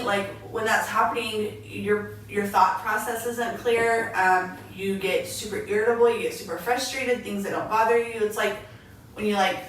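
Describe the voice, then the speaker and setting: A young woman co-hosts a casual chat, telling lively stories and quoting herself along the way. Her voice sits far from the mic in a very echoey room, with faint noise underneath. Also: mid-range voice, moderate pace. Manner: animated storyteller, quotes herself. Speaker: podcast co-host.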